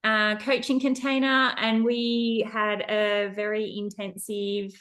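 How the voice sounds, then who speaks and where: A woman's voice: mid-range voice, flat delivery, slow pace, a bit bright. A woman hosting a podcast, chatting in a bubbly, informal way. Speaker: podcast host. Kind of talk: casual interview chat.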